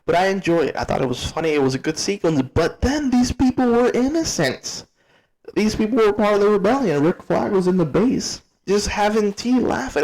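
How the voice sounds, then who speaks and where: A young man giving a casual spoken movie review, blunt and excitable, repeating words and swearing freely. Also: fairly high pitch, low-quality recording.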